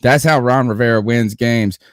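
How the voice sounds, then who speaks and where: A man's voice: mid-range voice, moderate pace, dry recording, clean studio sound. A man hosting a sports podcast in a casual, joking, rambling way. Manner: joking, hyperbolic, rambling with fillers. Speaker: podcast host.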